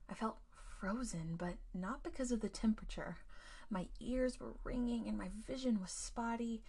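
A woman with a mid-range voice hosts a storytelling podcast, narrating a scripted ghost tale in a hushed delivery that often drops to near-whisper.

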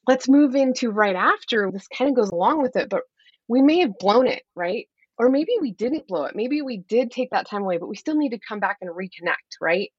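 A woman's voice: a little high, lively intonation, a little fast, slightly rough, no echo, muffled recording. A woman life coach talking earnestly as a podcast guest, explaining her methods and acting out what she says to her kids. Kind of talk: podcast interview.

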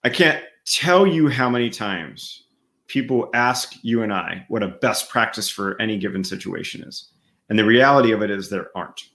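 Lower-voiced man musing through fillers. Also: expressive, normal speed, fairly bright tone. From United States. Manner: thoughtful, many fillers and restarts. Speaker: podcast co-host. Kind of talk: casual chat.

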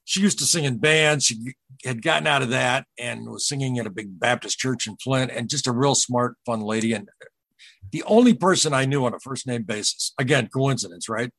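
A man with a husky, slightly rough voice shares a personal account on a podcast in casual storytelling. He speaks earnestly and haltingly, circling back to repeat what others told him. The recording is close and dry. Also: mid-range voice, a bit bright, no room sound. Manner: earnest, halting, retells dialogue. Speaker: podcast guest.

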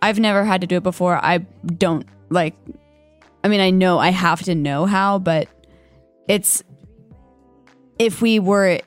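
A woman's voice: on the low side, no room sound, soft background music. A young woman who works as a college radio DJ, chatting casually in the studio and stumbling through lots of likes and fillers. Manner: filler-heavy, halting with many likes. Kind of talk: casual chat. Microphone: studio microphone.

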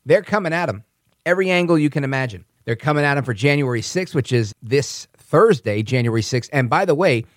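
Guy hosting a politics podcast, calm chatty delivery, mid pitch, dry sound. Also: a little fast, no room sound. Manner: conversational, self-correcting, calm. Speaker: podcast host. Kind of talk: political commentary monologue.

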